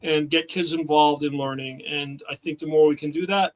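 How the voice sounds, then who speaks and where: A man's voice: on the high side, fairly even intonation, moderate pace, poor audio. A middle-aged man chatting as a guest on a remote talk show, enthusiastic and rambling, laughing often. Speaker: guest comic creator. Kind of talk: casual interview chat.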